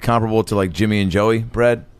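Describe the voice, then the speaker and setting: A man's voice: lowish voice, steady tone, quick pace, smooth. A man, a comedian, chatting casually and telling a story, laughing often. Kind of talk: casual chat.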